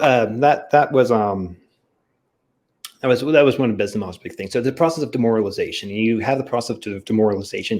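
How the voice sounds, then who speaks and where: A man co-hosting a podcast, explaining at length in a casual way, with frequent "you know" fillers. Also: on the low side. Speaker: podcast co-host. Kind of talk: casual discussion.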